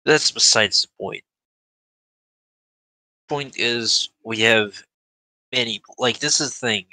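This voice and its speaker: A man's voice: medium pitch, slow, bright, forceful tone, no echo, poor audio. A young man chatting casually as a tabletop game player, rambling with restarts and swearing. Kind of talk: casual chat between players.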